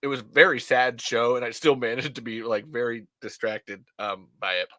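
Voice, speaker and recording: A man hosting a podcast in casual chat, telling stories in an excitable, rambling way with stammered restarts and swearing. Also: medium pitch, moderate pace, no echo. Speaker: podcast host.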